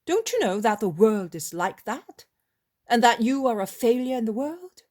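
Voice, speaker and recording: A woman narrating an audiobook of a religious novel in a slow, deliberate reading. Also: a little high, very animated, a little mellow.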